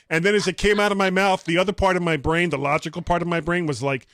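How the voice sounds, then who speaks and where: A man's voice: sits high, steady tone, fast, few pauses, a bit bright. A man co-hosting a podcast in casual banter, joking and laughing at his own gags. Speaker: podcast co-host.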